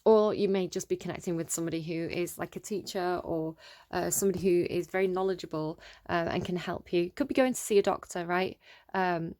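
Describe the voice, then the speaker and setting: A woman's voice: on the low side, a little fast, no room sound, studio quality. Chatty woman giving a tarot reading. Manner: chatty, thinks aloud with many ums and restarts; gets excited and exclaims over the cards. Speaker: tarot reader.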